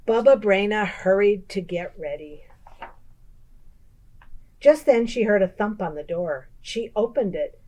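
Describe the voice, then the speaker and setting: Woman teacher, children's story read-aloud, unhurried, sing-song pitch. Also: highs cut off. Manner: slow, expressive storytelling with explanations for children. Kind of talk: reading a children's picture book aloud.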